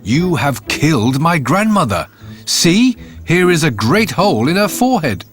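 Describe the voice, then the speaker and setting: A man voicing a cunning, poor young farmer in a storybook, sly and quick. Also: fairly high pitch, very animated, faint music behind, voice pushed up. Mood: outraged.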